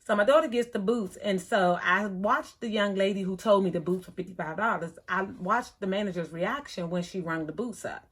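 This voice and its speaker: A woman's voice: mid-range voice, brisk, breathy edge. Woman, middle-aged, casual vlog, chatty storytelling, mid-range voice. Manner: chatty, animated retelling with quoted voices. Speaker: thrift vlogger.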